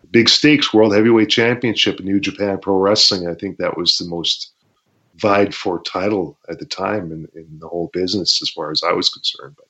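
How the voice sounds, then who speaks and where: Lively man telling wrestling stories. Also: deep voice. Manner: animated storytelling, acts out shouts and crowd noises, laughs often. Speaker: guest, former pro wrestler. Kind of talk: storytelling interview. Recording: dull lo-fi sound.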